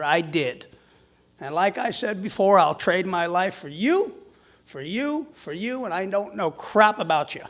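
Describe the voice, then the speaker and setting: A man in his fifties, a firefighter union president, giving a heartfelt, raw speech from a conference stage, dropping quiet and then rising loud. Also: sits high, animated, measured pace.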